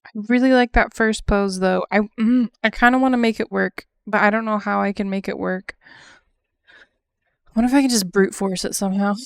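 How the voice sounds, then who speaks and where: Young woman streamer rambling while she draws, giggly, lots of likes and ums, smooth clear voice, dry close sound. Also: mid-range voice, steady tone, fairly quick, dry recording. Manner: chatty, giggly, thinks aloud with many fillers. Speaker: art streamer. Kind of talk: casual chat while drawing on stream.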